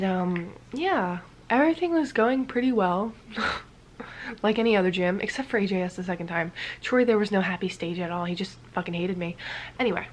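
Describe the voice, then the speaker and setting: A woman's voice: mid-range voice, a little hiss or hum. A woman vlogger telling a casual story-time tale, rambling with many fillers and dipping into whispers now and then.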